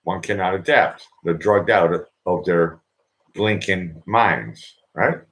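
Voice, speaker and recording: A man with a deep, low-pitched voice talks straight to camera in a loose personal monologue. He rambles, circles back and repeats his phrases as he works through his thoughts, earnest and heartfelt. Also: slow, fairly bright tone. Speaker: vlogger.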